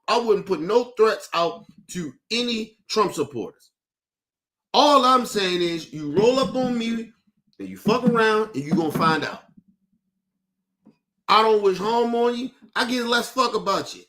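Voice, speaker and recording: Heated, cursing man with a high voice. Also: fairly bright tone. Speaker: podcast host. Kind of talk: profane rant on a talk show.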